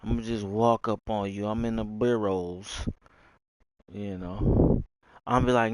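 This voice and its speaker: A man's voice: fairly low pitch, steady tone, takes it slowly, darkish tone, no echo, rough recording. A young man from Texas with a Southern drawl, rambling casually in a slangy, wandering monologue. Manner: slangy, drawling, jumps between topics.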